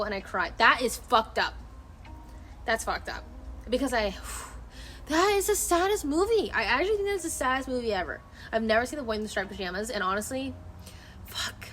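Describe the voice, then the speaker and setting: A woman's voice: medium pitch, fairly bright tone. Rambling, emotive woman streamer outdoors. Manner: rambling, emotive, swears freely. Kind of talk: casual chat. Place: outdoors at night. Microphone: phone camera.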